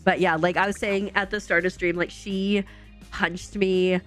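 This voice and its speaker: A woman's voice: fairly low pitch, flat delivery, a little slow, fairly bright tone, soft background music. A woman streamer telling a long family story in casual, chatty talk full of fillers.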